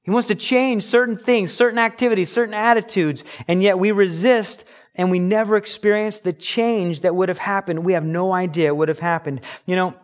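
A man's voice: high-pitched, fairly even intonation, fairly quick, few pauses. Earnest male pastor preaching a sermon. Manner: earnest, emphatic preaching with acted-out examples.

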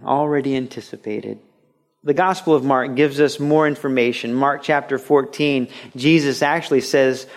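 A man preaching a radio sermon, earnest and conversational, dropping low and soft, then rising into lively storytelling. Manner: earnest and conversational, with repeated restarts; swings between a quiet, intimate tone and lively, raised storytelling. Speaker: pastor.

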